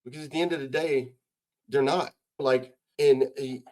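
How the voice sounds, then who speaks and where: Speaking at medium pitch with fairly even intonation, a moderate pace and a slightly mellow quality, a retired U.S. Army sergeant major in middle age sits for a casual interview. He's blunt and heavily profane, driving his points home with rhetorical questions.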